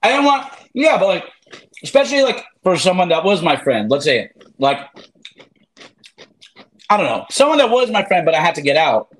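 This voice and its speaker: Rambling, profane man with a lively voice. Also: sits high, normal speed, pauses often, a little hiss or hum. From raised by immigrant parents. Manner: rambling, profane, full of "like" fillers, acts out quotes. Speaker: interview guest, former reality show contestant. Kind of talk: casual interview chat.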